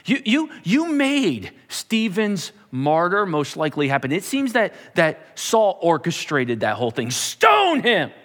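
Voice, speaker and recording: A man's voice: a little high, unhurried, hardly any pauses. Pastor guy preaching, voice jumps all over, big echoey church hall. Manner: animated storytelling, repeats words when building up. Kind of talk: sermon.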